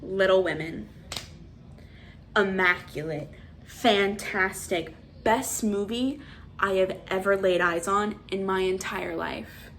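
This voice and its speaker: A woman in her twenties giving a casual, animated movie review as a vlogger, ranting with exasperation. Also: medium pitch, takes it slowly, slight background noise. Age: 20s.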